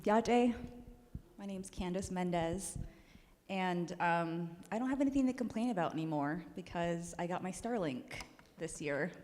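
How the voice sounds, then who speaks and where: A young woman from the Navajo Nation gives spirited public comments as a rancher, her low voice rising as she gets emotional and laughs. She is heard in a large echoey hall. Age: young adult. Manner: animated, emotional, laughing often. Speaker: rancher speaking at a panel.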